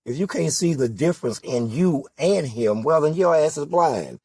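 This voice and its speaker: A man's voice: fairly high pitch, lively intonation, moderate pace, a little mellow, slightly rough, dry recording. A man giving an impassioned political monologue, full of rhetorical questions and emphatic repetition. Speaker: political candidate.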